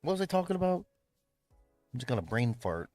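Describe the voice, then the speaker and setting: Relaxed male livestreamer, rambling and laughing, lively pitch, dry sound, faint music behind. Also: fairly quick, no echo. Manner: laid-back, rambling, swears and laughs often. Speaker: livestreamer and event host. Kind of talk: casual livestream chat. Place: home room. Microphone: streaming mic.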